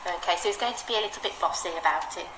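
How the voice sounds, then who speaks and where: A woman teaching reading, guiding a child through a phonics book with encouraging, expressive read-aloud. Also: on the low side, racing. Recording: roomy echo with steady background noise.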